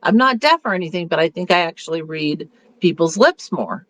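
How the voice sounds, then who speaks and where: A woman's voice: fairly low pitch, expressive, a little fast, a bit bright. Chatty, upbeat woman consultant. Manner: chatty and upbeat, with rambling restarts. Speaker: beauty consultant leading a meeting. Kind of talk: casual motivational talk.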